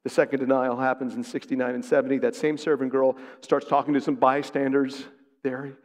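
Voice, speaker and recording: Dramatic preacher in a reverberant hall. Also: male voice, level tone, fairly quick. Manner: dramatic, acts out quoted lines with big swings in pitch and volume. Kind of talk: sermon.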